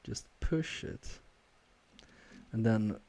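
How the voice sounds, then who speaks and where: Male repair streamer, unhurried, mellow tone, hesitant think-aloud delivery. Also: lowish voice. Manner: hesitant, self-questioning, trails off with many fillers; quietly focused, mutters while working. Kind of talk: live-stream thinking aloud while soldering.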